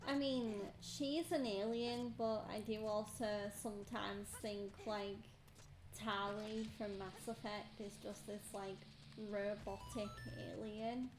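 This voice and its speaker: Slow hesitant woman in an echoey room. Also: mid-range voice, steady tone, over music. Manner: hesitant, filler-heavy musing. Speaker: co-player on stream. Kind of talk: casual gameplay stream chat. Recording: echoey room with background noise.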